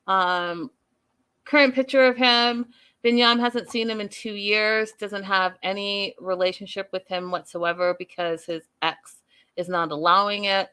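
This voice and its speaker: A woman hosting a casual recap show, talking straight to her viewers. Her voice is smooth and clear, pitched mid-range for a woman, and she keeps things chatty and loose with plenty of fillers. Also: steady tone, a little slow, bright, forceful tone. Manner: chatty, addresses viewers as "you guys", many fillers.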